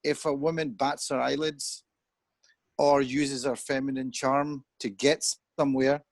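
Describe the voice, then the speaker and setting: A man in his fifties, a guest on a chat show, talks through his views in an earnest, reflective way, thinking aloud as if on a video call. His mid-range voice is flat in delivery and unhurried. The recording is dry, and the exchange is a conversational discussion.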